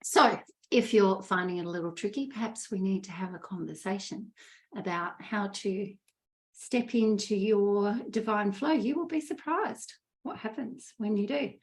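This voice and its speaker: A woman's voice: medium pitch, normal speed. A woman co-hosting a casual podcast, speaking in a bubbly, enthusiastic way. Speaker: podcast co-host, love coach.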